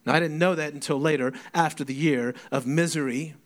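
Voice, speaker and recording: A man's voice: a little high, fairly even intonation, a little fast. A man, preaching a sermon and telling stories with emotion, acting out both sides of conversations. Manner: storytelling, emotional, acts out dialogue. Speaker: pastor.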